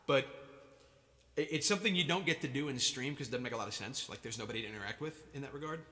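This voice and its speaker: Bright-voiced man chatting on a live stream. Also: medium pitch, quick pace. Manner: rambling, self-mocking, jokey. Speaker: musician hosting a live stream. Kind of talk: casual chat between songs. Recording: reverb with guitar in background.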